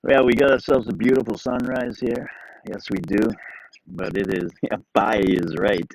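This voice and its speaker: A man's voice: mid-range voice, steady tone, measured pace, creaky, dry recording, poor audio. A middle-aged man hosting a live stream, chatting casually and rambling in an easygoing way to his viewers. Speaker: livestream host.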